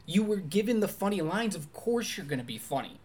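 A podcast co-host chatting about a movie with lots of energy and enthusiasm. The delivery is animated and full of quick asides, the easy back-and-forth of a casual review show. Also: mid-range voice, slightly rough.

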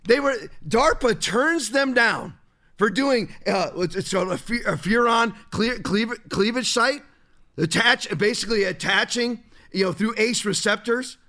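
High-voiced guy ranting on his show, sharp tense tone, keeps tripping over his words. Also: a little slow. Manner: heated, ranting, many restarts and stumbles. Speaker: pastor and show host. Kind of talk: political commentary monologue.

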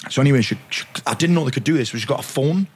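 Middle-aged man, Geordie accent, podcast guest, animated storyteller, sweary, self-mocking, rapid delivery, average pitch. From North East England.

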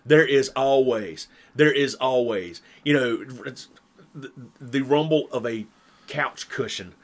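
A man's voice: medium pitch, takes it slowly. A man co-hosting a casual podcast, joking in a laid-back way and repeating words as he goes. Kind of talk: casual chat.

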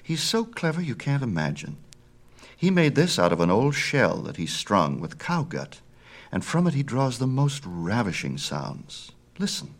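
A man's voice: lowish voice, big pitch swings, a little slow, voice pushed up, exaggerated voice. A male reader voicing a tall, lovely Titaness, a doting mother who speaks proudly and genteelly in a storybook myth.

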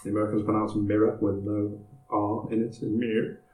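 A British man trades teasing, sarcastic banter in relaxed chat, his voice a bit low. He sounds a little roomy and echoey, with a faint hum running underneath. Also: quick pace. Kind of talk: casual chat.

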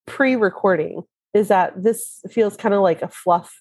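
A woman co-hosting a podcast in casual chat, a bit hoarse from illness, telling stories with frequent laughs. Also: medium pitch, unhurried, darkish tone, dry recording. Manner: laughs often, chatty storytelling. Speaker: podcast co-host.

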